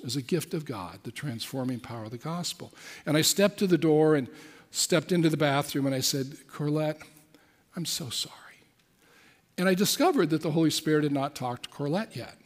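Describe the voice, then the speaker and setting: A man's voice: a little high, animated, a little fast. A man preaching a sermon, telling a personal story in an earnest way and asking the audience questions. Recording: long hall reverb.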